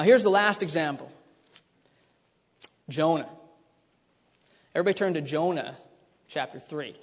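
A man preaching a sermon, animated and dramatic, acting out the lines he reads. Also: fairly high pitch. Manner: animated, acts out scripture voices, many restarts. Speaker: pastor. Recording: long hall reverb.

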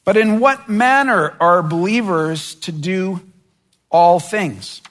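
A man delivers a sermon in a noticeably high voice, taking his time over each phrase. He speaks earnestly and now and then voices imagined complaints with mounting force. His words ring out with a long reverb, as in a large hall. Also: takes it slowly, fairly bright tone. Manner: earnest preaching, voicing imagined complaints with rising intensity. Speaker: pastor.

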